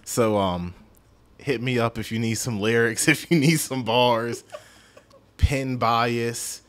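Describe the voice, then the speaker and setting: A man's voice: mid-range voice, slow. A man hosting a podcast, chatting casually through a music review in a rambling, self-deprecating way and stumbling over his words. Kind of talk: casual solo review chat.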